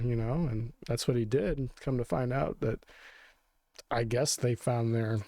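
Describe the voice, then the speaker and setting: A man's voice: medium pitch, unhurried, dark tone, no room sound, studio quality. Rambling, sarcastic male podcast co-host. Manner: rambling, sarcastic, laughs often. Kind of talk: casual chat.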